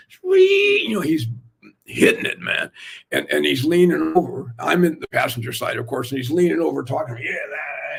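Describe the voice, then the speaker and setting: Gravelly, husky older man telling stories. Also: fairly high pitch. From Oakland, California. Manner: animated, rambling anecdotes with many fillers. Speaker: jazz drummer telling stories. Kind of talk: casual storytelling chat.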